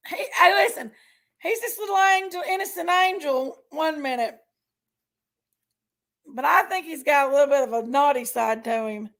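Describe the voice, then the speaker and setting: A chatty woman hosts a casual livestream, greeting viewers by name and laughing easily. Her voice sits high and bright in pitch. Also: normal speed. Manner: chatty, reads viewer names aloud and laughs often. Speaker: livestream host.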